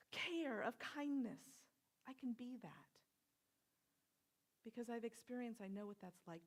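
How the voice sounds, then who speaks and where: A woman minister giving a conversational sermon, telling personal stories with soft whispered asides. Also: on the high side. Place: church sanctuary.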